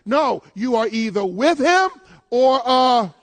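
A man preaching with a very high, gravelly voice. He talks straight to his congregation, swinging between loud, shouted declarations and quiet, hushed asides. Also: animated, slow pace. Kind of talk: sermon.

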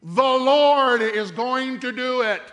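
A man's voice: very high-pitched, slow pace, a bit bright, voice pushed up, full character voice. A man voicing Moses as a fervent leader repeating promises to a crowd, in a sermon. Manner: chanting, repetitive, rousing. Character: fervent Moses rallying the people. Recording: long hall reverb.

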